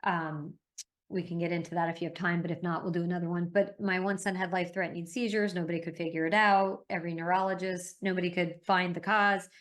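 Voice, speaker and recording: A middle-aged woman talking as a guest in an interview, telling stories in an emphatic, animated way. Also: lowish voice, fast. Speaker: interview guest, parent advocate. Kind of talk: conversational interview.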